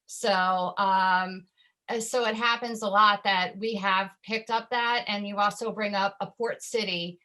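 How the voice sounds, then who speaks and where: A woman's voice: mid-range voice, fairly even intonation, unhurried, bright, forceful tone, rough recording. A woman filmmaker on a panel discussion, talking from home over a video call, chatty and prone to tangents. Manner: talkative, digressive.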